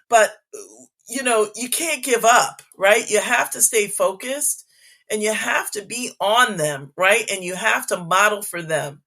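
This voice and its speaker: A middle-aged woman talks as an interview guest and tells stories from her years in schools. She keeps checking in with "right?" and briefly acts out the people in her stories. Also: mid-range voice. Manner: animated, frequent "right?" tags, acts out quoted voices. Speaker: guest, former school superintendent. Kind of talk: casual interview storytelling.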